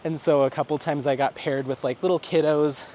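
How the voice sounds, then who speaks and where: A man talks while out on a stroll, his voice sitting a bit higher than most men's. His storytelling rambles and chats along, and he slips into quoted lines as he goes. Faint outdoor traffic murmurs behind him. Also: fairly even intonation, a little fast, warm tone. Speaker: vlogger. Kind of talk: casual vlog on a stroll. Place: outdoors, walking.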